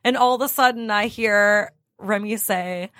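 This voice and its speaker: A woman co-hosting a casual podcast, chatty and quick to agree, swearing casually. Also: medium pitch, a bit bright, dry recording, clean studio sound. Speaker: podcast co-host.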